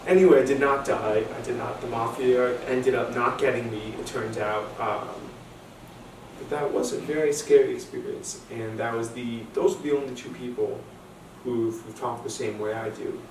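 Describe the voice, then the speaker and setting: A man's voice: medium pitch, steady tone, moderate pace. A young man tells a stand-up story, stumbling into nervous repetitions and restarts as he builds the bit. His voice sits in a roomy, echoing space, picked up from some distance with faint noise underneath. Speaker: stand-up comedian. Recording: echoey room, distant mic, faint noise.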